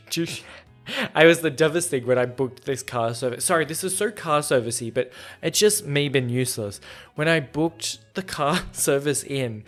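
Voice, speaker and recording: Young male podcast host, slightly high voice, rambling self-deprecating storyteller, faint music underneath. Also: fairly bright tone. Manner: rambling, self-deprecating, acts out both sides of conversations. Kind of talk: casual storytelling chat.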